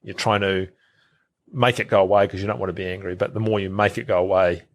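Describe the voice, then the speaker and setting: A man's voice: sits low, fairly even intonation, quick pace. A middle-aged man, a podcast guest who talks casually, repeats words and acts out quoted thoughts. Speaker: guest, health researcher.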